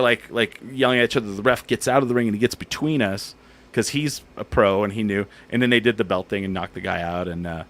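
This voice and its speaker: A man hosting a casual comedy talk show, telling an animated story and acting out what people said. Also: fairly low pitch. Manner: animated storyteller, acts out quotes. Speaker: podcast host and comedian.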